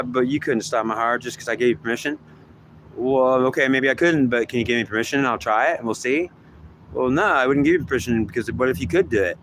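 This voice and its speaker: A man's voice: mid-range voice, fairly bright tone, slight background noise. Man rambling, arguing with himself. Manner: argues with himself, swearing and repeating. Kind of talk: rambling self-dialogue.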